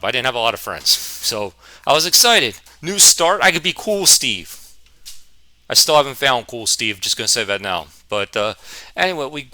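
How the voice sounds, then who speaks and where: A man in his twenties telling a rambling, animated, self-mocking story in a vlog, a little out of breath. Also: mid-range voice, no room sound. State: a bit out of breath. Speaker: vlogger.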